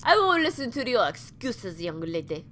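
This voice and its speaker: A woman's voice: a little high, big pitch swings, normal speed, background noise. A woman voicing a stern adult male hospital orderly who scolds in a bossy way.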